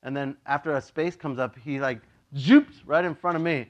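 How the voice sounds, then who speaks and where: Give me a high-pitched man preaching a chatty, playful sermon, slipping into funny voices as he tells stories. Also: moderate pace, muffled recording. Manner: animated, acts out voices in his stories; chatty, with many "like" and "you know". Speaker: pastor. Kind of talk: casual, joking sermon.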